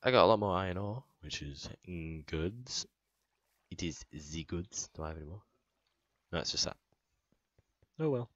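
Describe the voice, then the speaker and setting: A man's voice: sits low, lively intonation, normal speed, pauses often, fairly bright tone, no room sound, dull audio. A man hosting a gaming channel, narrating his own moves in a playful let's play commentary with sound effects.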